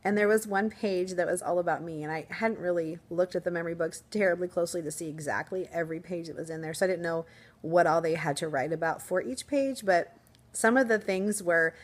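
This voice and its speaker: A woman teacher talking casually to her viewers from home in an upbeat, chatty way, laughing easily. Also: lowish voice. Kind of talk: casual vlog chat.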